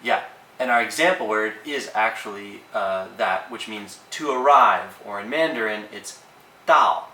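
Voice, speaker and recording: A man teaching language tones in a casual, relaxed lesson, with plenty of ums and uhs. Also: fairly low pitch, moderate pace, reverberant, recorded from a distance, a little hiss or hum, poor audio.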